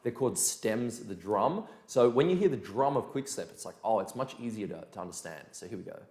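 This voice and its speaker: A man teaching a dance lesson in a casual, energetic way, counting beats aloud. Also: fairly low pitch, a little fast. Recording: echoey room with music behind.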